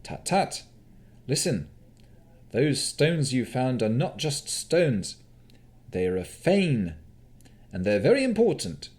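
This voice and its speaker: A man reading as a high, bubbly fae prince of winter, full of cheer and playful theatrics. His voice bounces lively and bright, with a sing-song, animated lilt, as if telling an audiobook tale. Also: slow, pauses often. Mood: urgent. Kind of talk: audiobook character voice.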